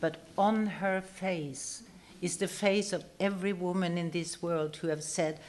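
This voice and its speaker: Older woman telling an animated story. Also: lowish voice, a little slow. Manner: animated storyteller, acts out quoted lines, laughs often. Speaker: guest actress telling a story. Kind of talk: anecdote to a live audience.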